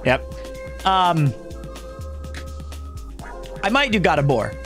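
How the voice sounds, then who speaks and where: A man's voice: sits high, very animated, extremely slow, long pauses, fairly bright tone, soft background music. A man in his thirties chatting casually with viewers on a live stream, rambling through jokey, self-mocking stories.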